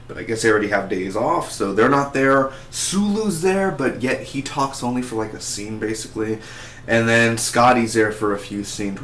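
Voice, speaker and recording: A man's voice: on the low side, fairly bright tone, a little hiss or hum. Chatty man rambling in a roomy echo. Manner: rambling and chatty, many fillers and restarts. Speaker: TV episode reviewer. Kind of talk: casual spoken review to camera.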